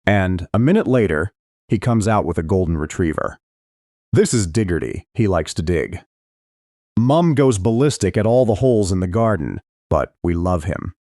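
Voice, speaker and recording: A man reading a first-person thriller audiobook in a very deep voice that rises and falls with lively expression. The recording is close and dry, with no room sound. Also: normal speed, no echo. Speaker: audiobook narrator.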